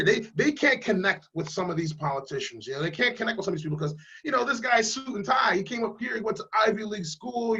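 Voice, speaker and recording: A man's voice: high voice, bright, forceful tone, breathy edge, muffled recording. A man running for Congress who speaks emphatically and bluntly in a casual interview over a video call. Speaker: congressional candidate.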